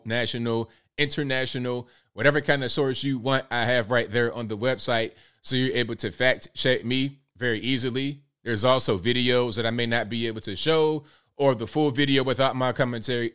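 A man's voice: medium pitch, fairly bright tone, clear, resonant tone. A man hosting a live political commentary show, talking to his audience in a casual, direct, folksy way and repeating points for emphasis.

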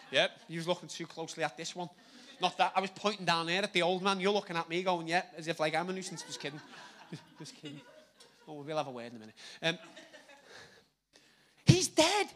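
A man preaching a sermon, animated and jokey, repeating words for emphasis. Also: fairly high pitch.

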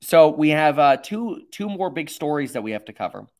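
A man's voice: on the high side, sing-song, moderate pace. Rambling self-mocking male livestream host. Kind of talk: livestream commentary.

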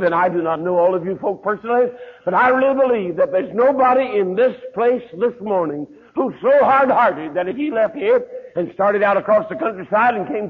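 A man delivers a revival sermon in a husky, somewhat high voice, rising to hollers and sinking to near murmurs as he drives his point home. The recording is thin and tinny, like it came through a phone line. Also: in a large hall. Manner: storytelling preacher, swelling to hollered climaxes then dropping low. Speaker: pastor.

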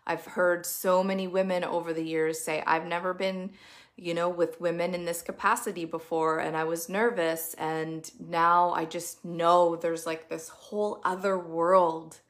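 A woman speaks to her online sisterhood in a loose, gushing live talk. Her voice sits a little low for a woman, and she mixes spiritual language with casual swearing. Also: level tone, moderate pace. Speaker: women's community coach and host.

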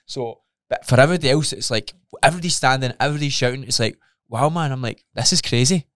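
A podcast co-host tells his story in casual chat, full of animated energy and plenty of swearing, acting out his own reactions along the way. His middling-pitched voice moves fast. The sound is dry and close-miked, with no echo.

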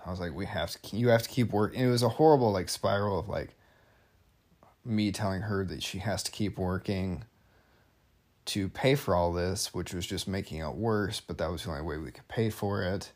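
A man's voice: sits low, moderate pace, a little mellow. A young man chatting casually as a podcast guest about married life, rambling and joking, with lots of fillers. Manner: rambling, jokey, filler-heavy. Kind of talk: casual conversation.

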